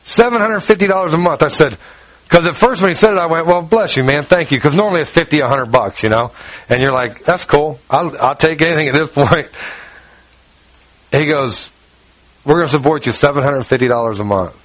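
Telling a personal story during his sermon, this pastor speaks fairly quickly in a slightly bright voice. A folksy storyteller, he reads scripture, voices the dialogue he quotes, and lowers his tone for asides. The audio is dry and low in quality.

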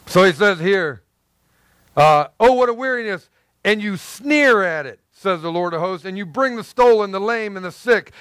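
High-voiced man preaching animatedly. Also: clean tone, no echo. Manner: animated, conversational preaching with repetitions and acted asides. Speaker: pastor. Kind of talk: sermon.

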